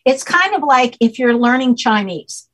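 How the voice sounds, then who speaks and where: A woman's voice: high voice, expressive, normal speed, low-quality recording. A woman guest on a podcast interview, explaining a topic step by step and often checking in with "okay?". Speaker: guest, name expert.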